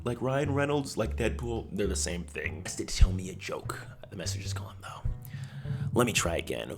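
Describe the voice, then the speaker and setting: Sarcastic male vlogger, deadpan comedy commentary, very deep voice, music behind. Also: moderate pace. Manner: sarcastic, deadpan, drifts into mock-dramatic whispers. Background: background music.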